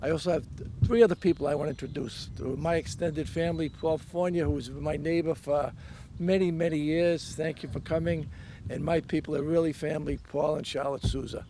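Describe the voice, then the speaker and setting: An older man giving a heartfelt, halting dedication speech outdoors, with many fillers. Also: fairly high pitch, steady tone, dark tone, a little hiss or hum. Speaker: dedication speaker. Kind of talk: public speech. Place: outdoors at a pond.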